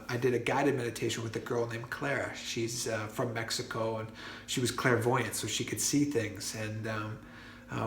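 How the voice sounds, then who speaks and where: A man telling a personal story in a casual monologue, earnest and full of fillers and restarts. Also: mid-range voice. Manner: earnest, many fillers and restarts, grows excited. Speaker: vlogger. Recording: roomy echo with faint music.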